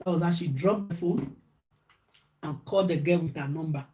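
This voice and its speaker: A woman's voice: deep voice, normal speed, dark tone. A Nigerian woman vlogger telling a gossip story during a mukbang, mimicking the people in it. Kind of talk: chatty storytelling while eating.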